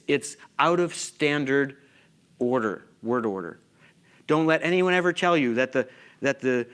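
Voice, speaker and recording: A man's voice: fairly high pitch, fairly bright tone. A man giving a conference lecture, emphatic and full of questions to the audience. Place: conference hall.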